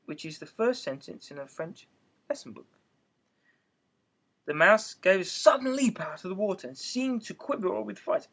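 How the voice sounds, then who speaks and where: A man's voice: on the high side, expressive, fairly quick, sharp tone. A man narrating an amateur audiobook reading, telling the story steadily with small stumbles.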